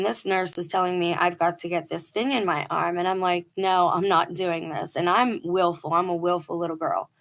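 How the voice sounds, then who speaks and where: A middle-aged woman vlogger shares a personal testimony, casual yet earnest and emphatic, acting out quoted dialogue. Her voice is lowish and a bit bright.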